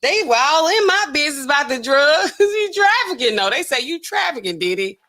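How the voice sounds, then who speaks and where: A woman's voice: high-pitched, very animated, normal speed, pushed and bright. A woman hosting a live stream in a loose, slangy, rambling chat, laughing often and talking straight to her viewers.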